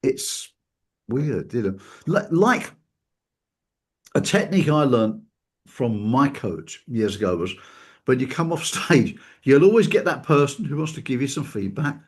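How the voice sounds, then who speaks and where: Husky-voiced male host, animated storyteller who acts out quotes. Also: mid-range voice, measured pace. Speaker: talk show host. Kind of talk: casual chat.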